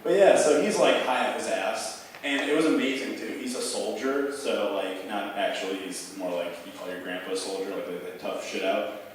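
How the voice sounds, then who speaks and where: A man's voice: on the low side, moderate pace, slight background noise. A young man telling a rambling, profane stand-up story at a bar open mic, packed with fillers. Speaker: stand-up comic. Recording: echoey bar room heard from far off.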